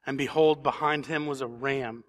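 A man's voice: medium pitch, fairly even intonation, normal speed. A man preaching a sermon in a church, reading scripture and then building to emphatic questions. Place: church sanctuary.

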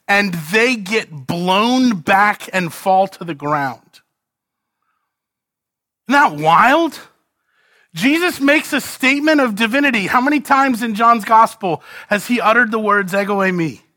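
A man preaching an expository sermon, asking rhetorical questions and swinging between loud emphasis and hushed lines. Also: high-pitched, expressive, a little slow, no room sound, clean studio sound. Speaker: pastor.

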